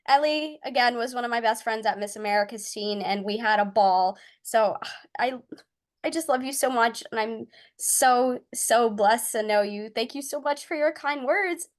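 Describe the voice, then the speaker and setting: A woman's voice: fairly high pitch, normal speed. A teenage girl from Connecticut hosting a casual podcast interview, talking in a gushing, effusive and upbeat way. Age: teens. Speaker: podcast host.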